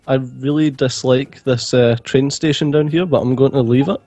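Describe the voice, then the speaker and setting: A man's voice: mid-range voice, fairly even intonation, normal speed, warm tone, dry recording, lo-fi sound. Laid-back man on a dry mic. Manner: hesitant, laid-back remarks. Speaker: multiplayer game player. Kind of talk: casual gaming chat.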